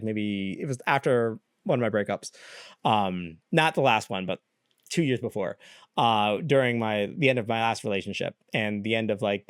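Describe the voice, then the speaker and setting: A young man hosting a solo podcast, talking candidly in a rambling way, full of fillers and quick laughs. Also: medium pitch, no room sound, studio quality. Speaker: podcast host. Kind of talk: casual solo podcast rant.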